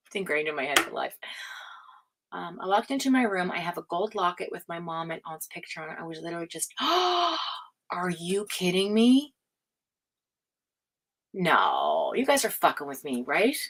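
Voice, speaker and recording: Her voice is lowish and brisk, swinging widely in pitch as she runs a live tarot stream. She chats easily, reads out what viewers write, laughs a lot, and now and then lowers her voice for a quiet aside.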